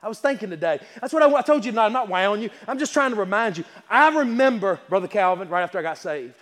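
A male preacher delivering a sermon with a strikingly high voice, folksy and emphatic, often restarting his sentences. His words echo with a long reverb through a church hall. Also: lively intonation, quick pace, fairly bright tone. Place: church sanctuary.

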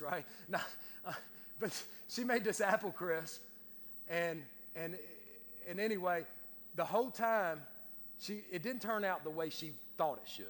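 A man's voice: a little high, slight background noise. A man preaching a sermon, telling folksy family stories with jokes and often repeating his words as he builds his point. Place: church sanctuary. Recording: long reverb of a church hall.

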